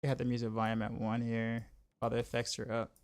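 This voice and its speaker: A man's voice: medium pitch, monotone, fast talker. A man streaming a game, chatting casually and rambling with lots of filler words. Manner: rambling, many "like" fillers and repeats. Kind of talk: casual livestream chat while gaming.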